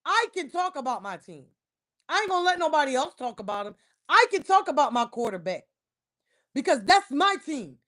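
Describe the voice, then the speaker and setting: Fired-up Philly woman livestreamer, high voice, emphatic, repeats herself and shouts. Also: sing-song, moderate pace. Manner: heated, emphatic and repetitive, loud outbursts. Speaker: livestream host. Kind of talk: casual sports rant on a livestream.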